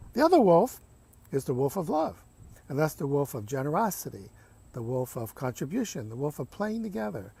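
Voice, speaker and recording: A man voicing a patient, wise old grandfather who is a medicine man, speaking calmly and gently. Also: fairly high pitch, creaky, breathy edge, full character voice. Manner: calm, gentle storytelling.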